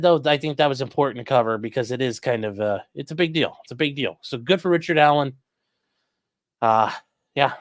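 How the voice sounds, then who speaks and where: A man's voice: medium pitch, dry recording. Blunt, profane man hosting a livestream. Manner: blunt, profane, rambling with many fillers. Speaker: livestream host reading chat. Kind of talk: casual livestream commentary.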